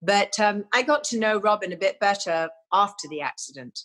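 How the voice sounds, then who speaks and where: A woman's voice: medium pitch, expressive, moderate pace, fairly bright tone. An older woman with an English accent, a guest actress telling stories in an interview, with many "you know"s and small restarts. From England. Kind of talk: reflective interview talk.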